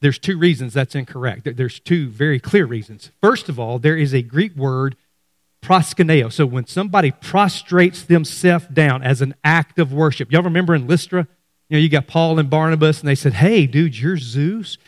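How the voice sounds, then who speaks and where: A man's voice: a little high, normal speed, no echo, clean studio sound. A middle-aged man preaching a sermon, speaking animatedly to his congregation. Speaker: pastor.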